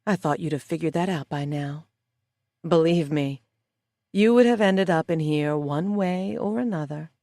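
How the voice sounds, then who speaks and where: A woman voicing a smug, cold female schemer who speaks calmly and condescendingly. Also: deep voice, no room sound, clean studio sound. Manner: calm, slow and condescending.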